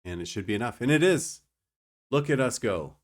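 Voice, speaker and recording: A man's voice: mid-range voice, lively intonation, moderate pace. A young man streaming a card game, explaining his moves and joking with his chat. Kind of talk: casual gameplay commentary.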